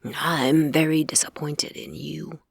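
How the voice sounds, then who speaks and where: A stern male Fae king, voiced by a woman narrator lectures in a low, hushed and measured way. His tone is cool and disapproving, with a deep, gravelly grain. This is a fantasy audiobook. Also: level tone, no room sound, exaggerated voice.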